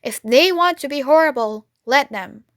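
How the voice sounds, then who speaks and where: A woman's voice: sits high, moderate pace, no room sound, clean studio sound. A woman voicing a clever, confident male fox who leads the others in a storybook. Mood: assured. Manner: calm and assured, softly menacing at times.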